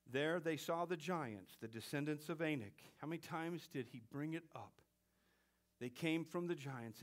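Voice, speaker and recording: A pastor with a voice on the high side preaches a sermon to his church. He plays with the congregation, swinging between loud exclamations and hushed whispers.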